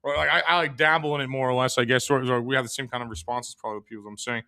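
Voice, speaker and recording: A man's voice: medium pitch, steady tone, rapid-fire, vocal fry, sharp tone, clear, resonant tone, no room sound. A man talking as a podcast guest in a casual, rambling way, with many restarts.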